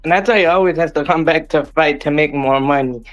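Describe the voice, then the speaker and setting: Male guest, higher pitch, hedging conversational delivery. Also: brisk, a bit bright, lo-fi sound, faint music behind. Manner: hedging, tags "though" on sentences. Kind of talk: casual chat.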